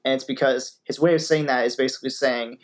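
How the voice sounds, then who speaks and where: A man's voice: medium pitch, steady tone, fast. Rambling young man hosting a reaction video. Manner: rambling, filler-heavy, upbeat. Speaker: music reaction host. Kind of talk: casual reaction commentary.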